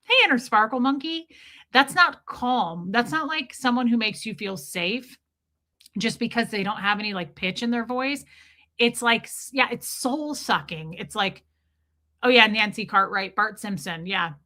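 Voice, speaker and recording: A woman hosting a livestream, chatty and animated, greeting viewers in chat by name as she comments. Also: fairly high pitch, measured pace. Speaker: host, livestreamer.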